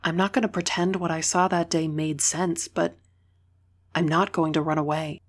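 A woman voicing a young woman, the heroine's loyal best friend, speaking softly and earnestly. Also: deep voice, level tone, moderate pace. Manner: soft, earnest and tender.

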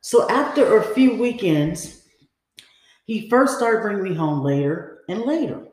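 A woman's voice: medium pitch, sing-song, a little slow. A woman hosting a podcast, telling a personal story in a casual, confiding way, often saying "you know" and "like" and acting out quoted lines. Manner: frequent fillers like "you know" and "like". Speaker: podcast host. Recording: very echoey room.

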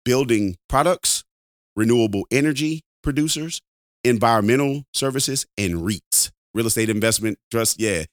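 A man co-hosts a podcast in casual, rambling chat, repeating words and laughing often. His voice is mid-range at a normal speed, and the recording is dry with clean studio sound.

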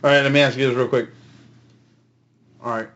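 A man co-hosting a casual chat, mid-pitched, blunt and quick to swear. He tells stories in drawn-out, restarting runs. The recording is a little dull and lo-fi. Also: fairly even intonation, fairly bright tone. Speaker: podcast co-host.

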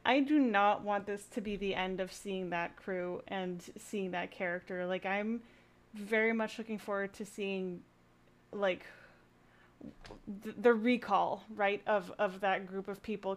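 A woman chatting as a podcast guest, earnest and a little hesitant, pausing often to find her words. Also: mid-range voice, steady tone. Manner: earnest, hesitant, many "um"s and restarts. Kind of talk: casual chat.

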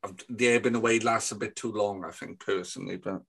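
A man on a casual film podcast over a remote call, thoughtful and measured. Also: on the low side, fairly even intonation, creaky, fairly bright tone, husky.

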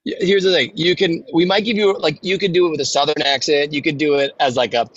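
A man's voice: a little high, steady tone, fast talker, breathy edge, highs cut off. A man hosting a casual interview over a video call, talking in a rambling way with many restarts. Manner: warm-hearted, rambling with many restarts and fillers. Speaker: podcast host.

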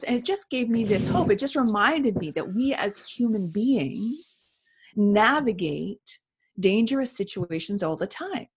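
A woman speaking in an earnest, reflective way in a casual conversation, with soft laughs. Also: medium pitch, slightly rough.

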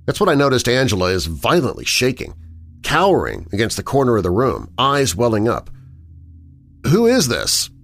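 A man narrating a first-person horror story in an expressive storytelling manner. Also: mid-range voice, a little fast, dry recording.

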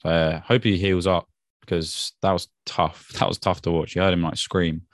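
A man with a very deep voice talks through a night of fights in a relaxed, laughing way, dropping "mate" here and there. The sound is dry and close. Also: moderate pace, no echo. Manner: laid-back, laughs often, British slang like "mate". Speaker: podcast co-host. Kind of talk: casual MMA fight recap.

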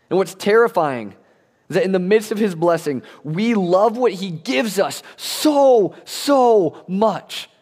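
A young adult pastor with a voice that sits high and a darkish tone preaches a sermon in a church sanctuary. He tells stories animatedly, using casual slang, and the recording carries the long reverb of a church hall.

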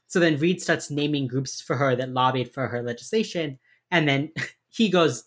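A woman's voice: low voice, normal speed. A woman co-hosting a casual chat, retelling a TV episode and acting out its characters' lines, with a mild speech impediment. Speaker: podcast co-host recapping a TV episode.

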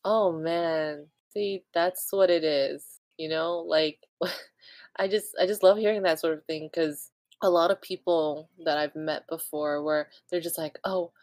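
Lower-voiced giggly woman host. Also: steady tone, unhurried, darkish tone, no echo. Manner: bubbly, laughs often, lots of fillers. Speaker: podcast host. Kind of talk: casual chat.

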